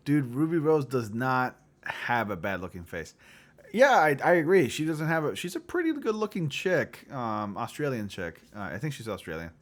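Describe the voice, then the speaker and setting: A man hosting a casual livestream chat, loose and profane, who often clears his throat. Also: mid-range voice, big pitch swings, moderate pace. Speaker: livestream host.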